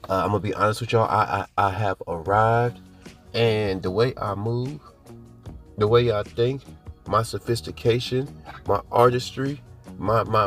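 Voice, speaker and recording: Hoarse low-voiced man hosting a podcast. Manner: boastful, rambling, talks straight to listeners. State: hoarse from a cold. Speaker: podcast host. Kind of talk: casual podcast monologue.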